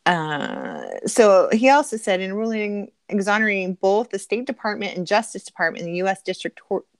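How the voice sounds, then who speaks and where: A woman's voice: mid-range voice, moderate pace, no room sound. A middle-aged woman co-hosting a casual live stream, reading viewer comments aloud, answering them and laughing often. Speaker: livestream co-host reading chat.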